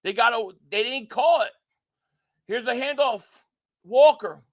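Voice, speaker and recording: A man streaming a live reaction to a football game, calling the plays and reading viewer chats aloud. He talks excitably, repeats himself when worked up, and swings from shouting at calls to flat frustration. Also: extremely high pitch, unhurried.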